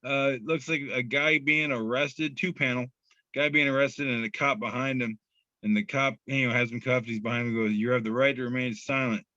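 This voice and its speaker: Laughing, bright-voiced man on a podcast. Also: medium pitch, steady tone, normal speed, no room sound, highs cut off. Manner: loose and profane, laughs easily. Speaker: podcast co-host. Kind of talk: casual chat reading memes aloud.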